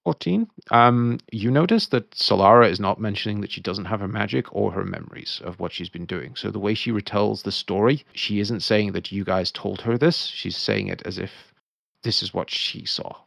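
A man narrating as game master of a tabletop game, talking quickly and casually with many fillers. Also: fairly low pitch, creaky, a bit bright, no room sound, clean studio sound.

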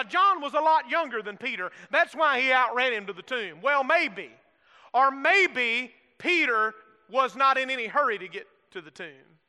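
High bright-voiced preacher in a reverberant hall. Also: male voice. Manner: preaching with call-and-response prompts; folksy humor, acts out the disciples' lines. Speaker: pastor. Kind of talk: sermon.

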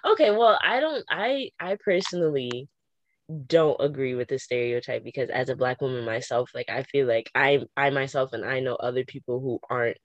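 A young woman in casual conversation, talking in an animated way with quick restarts and frequent laughter. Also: very deep voice, no room sound, highs cut off.

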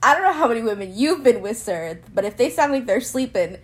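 A woman's voice: a little high, lively intonation, fast talker. A woman in casual chat, reacting with short replies and laughter.

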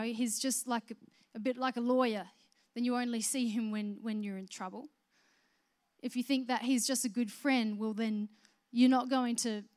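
A woman preaching a sermon, swinging from soft, conversational explanation to loud, emphatic proclamation. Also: on the high side. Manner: conversational, with restarts and filler words.

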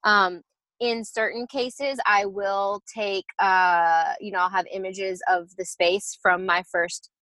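A woman's voice: medium pitch, fairly even intonation, slow pace, sharp tone, dry recording, poor audio. Chatty woman interior designer, dry sound. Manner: chatty, explanatory, many fillers and restarts. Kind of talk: casual podcast interview.

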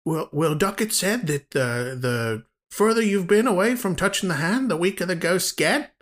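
A man's voice: high voice, animated, normal speed, a bit bright, pitched above the performer's own voice. A man putting on an exaggerated mock Australian accent to play a young man from a film. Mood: explaining. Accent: Australian, put on.

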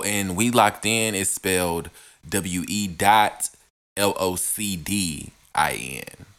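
A man's voice: low-pitched, a bit bright. A young man hosting a casual solo podcast, rambling and playful. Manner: rambling, playful, drawn-out delivery. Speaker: podcast host.

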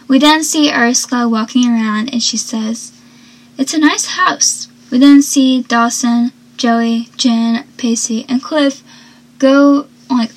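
A woman's voice: fairly high pitch, poor audio. A young woman casually recapping a TV episode, chatty and rambling, often correcting herself mid-sentence.

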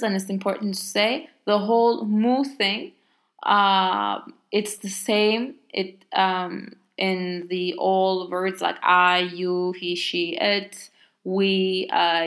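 A woman with a Turkish accent, a native Turkish speaker, explaining grammar in a casual language lesson with many fillers and exaggerated example words. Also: mid-range voice. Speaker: language teacher.

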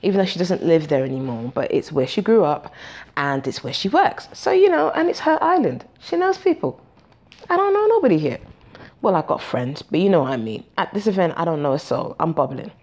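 A podcast host in her forties tells a story casually and animatedly, swearing freely and acting out the dialogue. Her voice is fairly low and her pace brisk.

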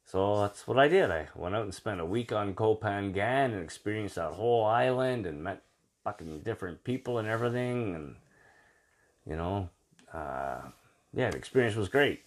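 A man's voice: fairly low pitch, expressive, normal speed. A man from Canada telling travel stories in casual chat, rambling with lots of fillers and swearing.

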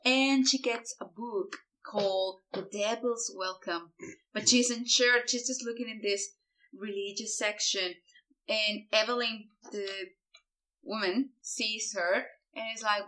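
Woman, bright tense tone, chatty, casual film podcast. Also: medium pitch, a little slow, poor audio. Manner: chatty, laughs often. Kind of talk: casual film review chat.

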